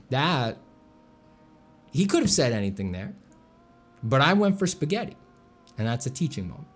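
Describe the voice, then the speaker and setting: A man's voice: mid-range voice, sing-song, moderate pace, pauses often. A man, an artist, chatting casually with viewers while drawing, rambling and joking at his own expense. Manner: joking, rambling, self-mocking. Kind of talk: casual livestream chat.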